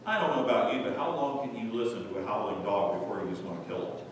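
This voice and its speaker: A male pastor preaching a sermon with fervent rhetorical questions, recorded live in a church sanctuary from a distant mic. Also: quick pace. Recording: echoey church hall from far off, faint rumble.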